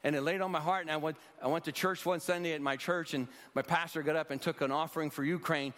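This sixty-something man, a rescue mission leader who speaks at churches, delivers a testimony with an earnest preacher's storytelling manner. His fairly high, slightly bright voice is fast and steady, heard through long hall reverb.

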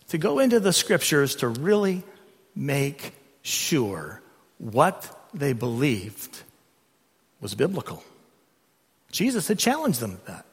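A middle-aged male pastor preaches with a bright, forceful tone and a fairly high voice. He builds to loud, emphatic peaks. His voice rings through the long reverb of a church sanctuary. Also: husky. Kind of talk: sermon. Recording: long reverb of a large hall.

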